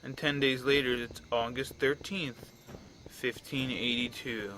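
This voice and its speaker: A man's voice: medium pitch, fairly even intonation, unhurried, over music. A man around thirty giving casual, rambling commentary over a video game he is playing. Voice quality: rambling, chatty, frequent restarts. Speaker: let's play commentator.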